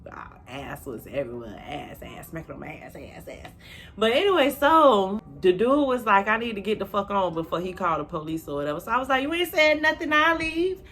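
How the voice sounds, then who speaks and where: A woman telling a storytime vlog in a casual, animated way, cussing freely, talking straight to viewers and acting out quotes in high, loud bursts. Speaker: storytelling vlogger.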